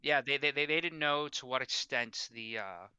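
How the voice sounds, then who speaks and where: A man's voice: medium pitch, moderate pace, over a noisy crowd. A man co-hosting a film podcast, often stammering and repeating words as he starts a thought. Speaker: podcast co-host. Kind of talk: casual film discussion.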